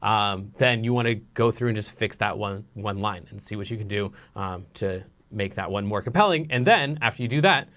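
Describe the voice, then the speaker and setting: A man's voice: fairly low pitch, moderate pace, hardly any pauses. Laid-back man teaching songwriting. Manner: relaxed and rambling, many ums and restarts; sings nonsense syllables to show rhythm. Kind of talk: casual online lesson.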